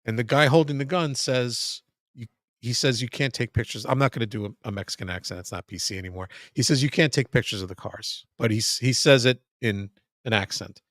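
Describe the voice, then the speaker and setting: A man tells a long story as a podcast guest, swearing freely and stumbling over restarts. His voice sits at a middle pitch. The sound is dry and close. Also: fairly quick, a bit bright, no room sound. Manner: rambling, profane, frequent restarts. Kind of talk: casual storytelling.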